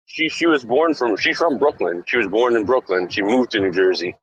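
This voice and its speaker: A man's voice: medium pitch, animated, a little fast, breathy edge. A man in a casual group chat, talking in an easygoing, plainspoken way. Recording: muffled lo-fi audio.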